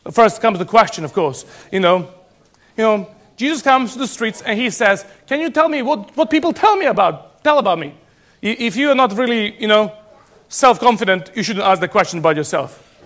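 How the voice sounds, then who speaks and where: A man from Serbia preaching a sermon as pastor, animated and emphatic, often restarting his phrases. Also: high voice.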